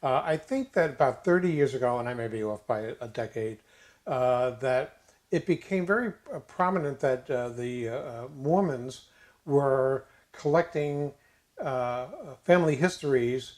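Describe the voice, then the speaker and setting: An older man co-hosting a casual chat, halting with many fillers and restarts, dropping jokey asides. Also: medium pitch, a little mellow. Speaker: co-host.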